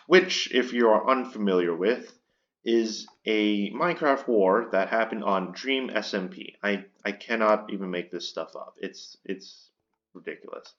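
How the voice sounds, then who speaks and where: A man's voice: on the low side, expressive, unhurried, a bit bright, dull audio. A man delivering an indignant commentary rant, stumbling and repeating words as he vents. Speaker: commentary YouTuber. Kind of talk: ranting commentary.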